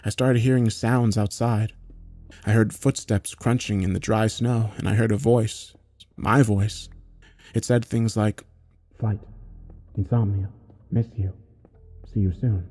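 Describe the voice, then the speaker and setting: A man narrating a horror story in a measured, matter-of-fact way, with occasional swearing. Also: fairly low pitch, mellow, dry recording.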